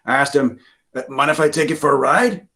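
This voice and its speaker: A man's voice: a little high, fairly quick, pushed and bright, pitched above the performer's own voice. A man voicing a friendly male Bigfoot telling his story in an easygoing way.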